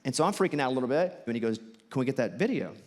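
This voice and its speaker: A man with a Southern US accent doing stand-up storytelling for a theater crowd, animated and jumping high when he acts out quotes. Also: racing. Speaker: comedian and host. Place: theater stage. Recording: live theater with long reverb and faint ambience.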